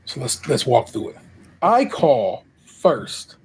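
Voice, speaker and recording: A middle-aged man with an Ohio accent co-hosts a podcast, telling a long story in casual chat, laughing often and acting out what people said. His medium-pitched voice is very animated but slow-paced. There's a little hiss or hum on the recording.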